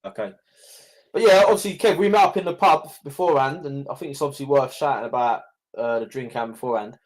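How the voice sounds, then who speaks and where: A man's voice: medium pitch, fast talker. A young man hosting a casual podcast, chatty, swearing and laughing often. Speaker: podcast host. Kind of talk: casual chat.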